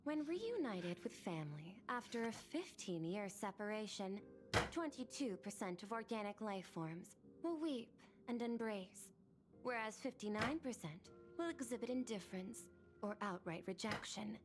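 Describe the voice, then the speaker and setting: A detached, clinical figure, voiced by a woman recites statistics in a video game. Her delivery is flat and matter-of-fact, with game music clearly behind her. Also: medium pitch, moderate pace, lightly acted.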